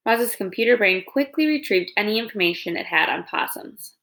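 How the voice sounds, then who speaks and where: A woman's voice: medium pitch, lively intonation, a little fast, vocal fry, few pauses, pushed and bright. A woman reading a children's novel aloud in installments, telling the story expressively. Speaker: reader.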